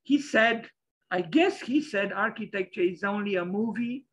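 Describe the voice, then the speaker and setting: A man's voice: high voice, moderate pace, a bit bright, poor audio. A man giving an opinionated lecture over slides, hesitant and full of fillers.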